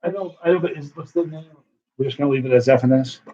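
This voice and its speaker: Talking fast in a voice on the high side, the host of a casual livestream rambles amiably while pushing signed bottles of hot sauce. Everything comes through dull and muffled, with a lo-fi feel.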